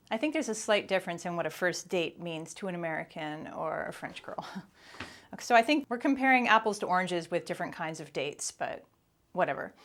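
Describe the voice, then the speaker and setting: A woman vlogger giving a casual, chatty fashion commentary to camera, playful and quick to laugh. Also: medium pitch.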